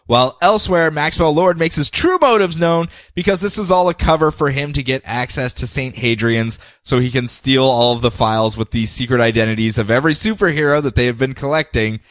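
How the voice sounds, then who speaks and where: A man co-hosting a casual comic book podcast, recapping with jokes and quick put-on voices. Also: mid-range voice, no echo. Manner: animated, jokey, puts on voices while recapping. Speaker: podcast co-host.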